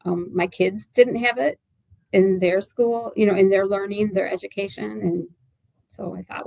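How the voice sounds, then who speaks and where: A woman's voice: medium pitch, steady tone, normal speed, gravelly, a little mellow, no echo, low-quality recording. A woman in her sixties, an author being interviewed, talking in a chatty, rambling way with lots of fillers and restarts. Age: 60s. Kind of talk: casual interview chat.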